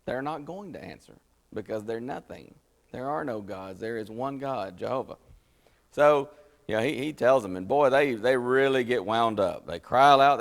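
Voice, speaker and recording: A man leading a Bible study in a conversational teaching style, explaining scripture and acting out the quotes. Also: vocal fry. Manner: folksy, explanatory, acts out scripture quotes with rising pitch. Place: church meeting room. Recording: church hall with long reverb.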